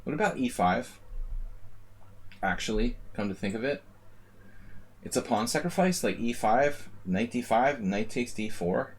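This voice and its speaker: A man's voice: medium pitch, expressive, unhurried, long pauses. A man streaming a chess simul, thinking aloud and muttering moves in casual commentary.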